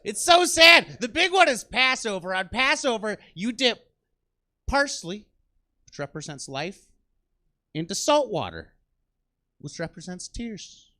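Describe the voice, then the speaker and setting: A male stand-up comedian rants with exasperated, self-deprecating bite in a small theater. His voice is unusually high and bright. He jumps around in pitch as he works the crowd on a handheld mic. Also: sing-song, measured pace, long pauses.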